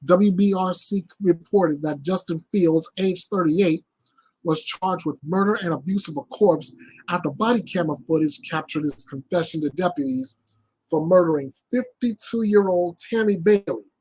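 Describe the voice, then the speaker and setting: A man's voice: high-pitched, moderate pace, darkish tone, husky. A man hosting his own news show, reading reports and giving blunt, emphatic commentary.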